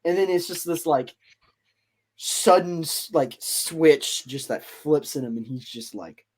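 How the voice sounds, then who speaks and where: A man's voice: fairly high pitch, a little slow, a little mellow. A man hosting a podcast, retelling a story in a loose, rambling way with lots of fillers. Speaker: podcast host. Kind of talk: casual storytelling chat.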